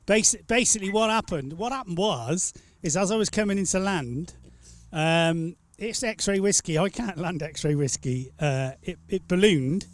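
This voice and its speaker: A man's voice: high voice, moderate pace. A man hosting a live stream, chatting casually and telling rambling, teasing stories. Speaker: stream host. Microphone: studio mic.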